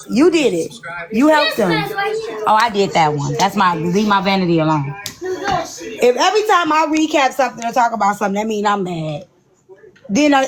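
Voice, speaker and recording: A woman's voice: high voice, rough recording. A woman hosting a casual live stream, talking bluntly and profanely in a rambling way.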